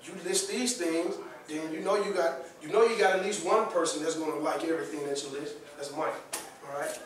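A man leading a career skills workshop for students, lively and checking in with the room after nearly every point. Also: a little high, fairly quick, slight background noise. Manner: lively, asks the audience often, repeats "all right?" and "okay?". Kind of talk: classroom workshop talk. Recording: very echoey room, voice from far off the mic.

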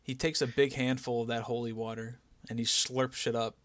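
A man's voice: medium pitch, normal speed. A young man co-hosting a podcast, chatting casually and animatedly as he recaps a show. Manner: animated, laughing, putting on mock voices for quotes. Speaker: podcast co-host.

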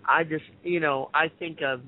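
A man's voice: fairly high pitch, fairly even intonation, normal speed. A man hosting a spiritual call-in radio show, chatting in a loose, rambling way full of asides. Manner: rambling, loose, many fillers and musing asides. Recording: tinny phone line.

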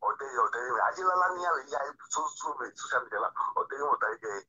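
A man's voice: mid-range voice, expressive, fairly quick, sharp tone, husky. Rambling man on a tinny phone. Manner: rambling, repeats words and restarts. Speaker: iPad owner on a phone call. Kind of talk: casual phone conversation.

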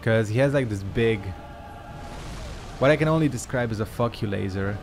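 A man's voice: fairly low pitch, moderate pace, noisy background. A man giving casual gameplay commentary as a gaming YouTuber, sarcastic and swearing through frustrated outbursts.

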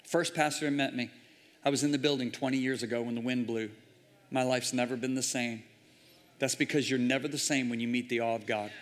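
A man preaching a sermon, telling a story with intense drama and sudden loud bursts. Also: mid-range voice, steady tone, a little fast. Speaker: guest preacher. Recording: hall reverb in a large church.

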